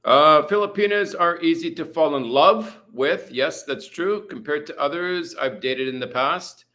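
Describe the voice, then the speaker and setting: His voice is a little high, bright and forceful, and he takes his time. The Canadian man, from British Columbia, is hosting a casual livestream from a hot room at home with a fan, chatting through viewer comments and rambling with many "uh"s and "you know"s.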